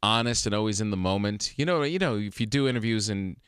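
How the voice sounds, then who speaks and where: Smooth-voiced man telling lively stories. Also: fairly low pitch, fast, no room sound, clean studio sound. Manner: animated storytelling, laughs often. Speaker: comedian guest. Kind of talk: casual interview chat. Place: radio studio.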